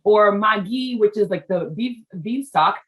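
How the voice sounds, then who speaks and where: A woman's voice: medium pitch, lively intonation, measured pace, rough recording. A woman hosting a business interview show, chatting casually and telling family stories with many asides and restarts. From Haitian family background. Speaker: show host.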